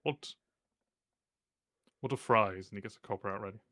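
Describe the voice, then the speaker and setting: A man's voice: lowish voice, moderate pace, bright, forceful tone, no echo, clean studio sound. A man playing a tabletop game, joking bluntly in casual banter. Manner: blunt, jokey. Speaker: player.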